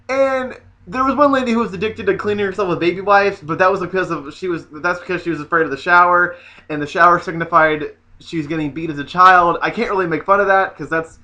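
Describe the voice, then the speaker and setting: A man vlogging in a casual comedic rant, sassy and animated with mocking asides. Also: sits high, a little fast.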